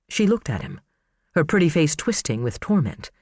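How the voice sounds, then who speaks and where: A man narrating an audiobook thriller in an expressive, dramatic storytelling manner. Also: on the high side, moderate pace, slightly rough, no echo, clean studio sound. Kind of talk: scripted narration.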